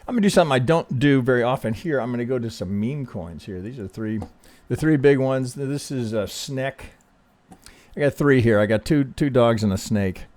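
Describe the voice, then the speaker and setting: A man walks through market charts in an easy, conversational way. He sounds calm and reassuring, stumbling over and restarting his words, and keeps tagging his points with "right?". His voice sits at an ordinary middle pitch for a man. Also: normal speed. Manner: conversational, frequent restarts, ends thoughts with "right?". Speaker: trading analyst host. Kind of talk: casual chart analysis commentary.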